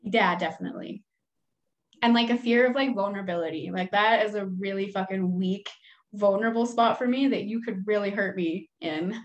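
A woman's voice: medium pitch, normal speed, dull audio. A young woman speaks in a loose, conversational way. She is frank and self-deprecating and swears freely. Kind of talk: casual chat.

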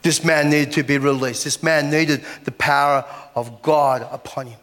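A man's voice: fairly high pitch, steady tone, normal speed, a bit bright. A man preaching a sermon as pastor, chatty, with lots of rhetorical questions. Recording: echoey hall.

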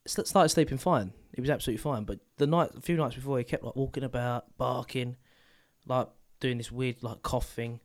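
A man's voice: medium pitch, steady tone, fairly quick. A man, co-hosting a podcast and telling a sweary story in casual chat. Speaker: podcast co-host.

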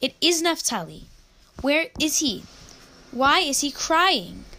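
A woman reading aloud and voicing an eager, excited young boy in a children's storybook, with a bright, exclaiming manner. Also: sits high, takes it slowly, pitched above the performer's own voice, exaggerated voice.

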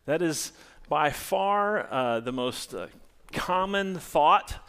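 A male pastor delivering a sermon in a church, his voice swinging widely up and down as he preaches. He speaks at an unhurried pace, drawing out key phrases, then breaks into loud, excited bursts. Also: on the high side, clear, resonant tone.

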